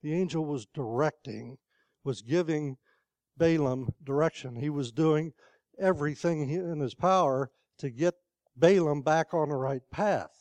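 A man's voice: on the high side, a little slow, darkish tone, no room sound. An older man preaching a sermon in a conversational storytelling way, asking the congregation questions.

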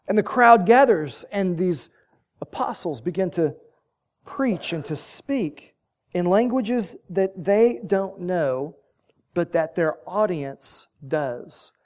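A man's voice: sits high, expressive, slow pace, darkish tone. A man preaching a sermon, telling the story vividly and building to emphatic peaks.

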